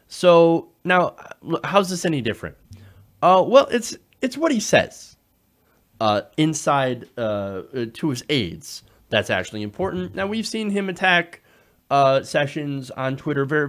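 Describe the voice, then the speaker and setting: Guy hosting a political show, voice swinging up and down a lot, lots of uhs and restarts. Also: fairly high pitch. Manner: animated, with frequent fillers and restarts. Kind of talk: political commentary.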